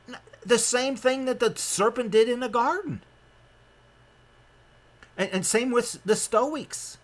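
A man's voice: takes it slowly, pauses often. A man from Nebraska giving a sermon-style lecture, emphatic and rambling, often restarting his sentences. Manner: emphatic and rambling, with frequent restarts and sudden rises in pitch.

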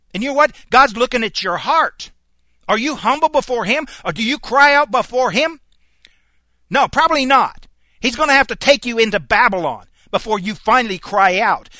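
A man's voice: very high voice, bright, forceful tone, no echo. A middle-aged man preaching a fiery sermon, firing off rhetorical questions and hammering the same point through repetition.

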